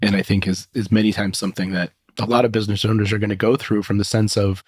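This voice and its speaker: A man's voice: fairly low pitch, flat delivery, fast talker, slightly rough, dry recording, studio quality. A man hosting a podcast, asking long, thoughtful questions that circle before he lands on them. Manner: thoughtful, rambling questions with restarts. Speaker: podcast host. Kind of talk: interview questions.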